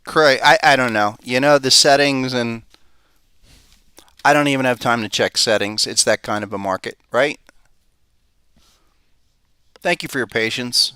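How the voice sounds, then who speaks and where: A man hosts a live market commentary show with a bright, forceful tone and a smooth, crisp voice. He thinks aloud, casual and conversational, and tosses out rhetorical questions. The sound is dry and close, with no room echo. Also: mid-range voice, a little slow, pauses often. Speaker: podcast host and market analyst.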